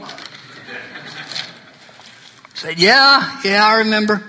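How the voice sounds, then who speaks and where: A man's voice: fairly high pitch, expressive, moderate pace, long pauses, pushed and bright. A middle-aged man preaching a sermon, telling folksy stories and acting out other people's lines. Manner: folksy storytelling preacher, acts out friends' lines. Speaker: pastor.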